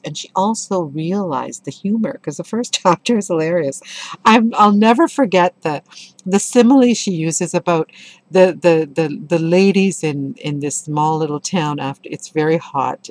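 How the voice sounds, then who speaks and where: A woman's voice: sits low, a little mellow. A middle-aged woman giving a casual spoken book review, telling stories with enthusiasm and expression.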